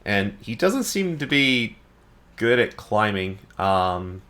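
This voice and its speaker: A man narrating calmly as game master of a tabletop game, reminding players of events. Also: on the low side, takes it slowly, slight background noise.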